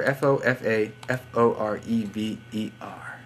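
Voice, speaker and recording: Speaking in a lowish, steady voice at a measured pace, this young YouTuber sits at his home computer giving shoutouts. His vlog monologue is casual, rambling and goofy, with occasional fake accents, and there's slight noise in the background.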